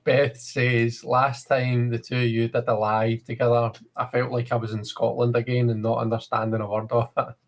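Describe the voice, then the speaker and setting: A man's voice: medium pitch, flat delivery, normal speed, few pauses. A man co-hosting a tarot livestream, chatting in an easygoing, rambling way. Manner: easygoing, rambling, lots of fillers. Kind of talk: casual chat.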